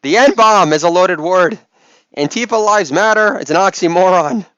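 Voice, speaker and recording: A man doing a stand-up comedy routine on stage, delivering crude rapid-fire one-liners and mock hype calls to the crowd. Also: high-pitched, a bit bright, no room sound, highs cut off.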